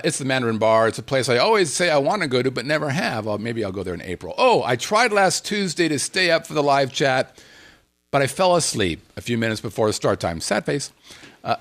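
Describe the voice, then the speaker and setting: A man hosting a casual podcast, reading out listener emails with an animated, self-deprecating manner. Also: medium pitch, brisk. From Las Vegas area. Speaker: podcast host.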